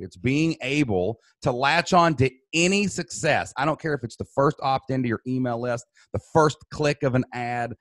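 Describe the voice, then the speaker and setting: Animated man with a dry close sound. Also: medium pitch, no echo. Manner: animated, says "dude" and "man". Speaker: guest. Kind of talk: emotional storytelling.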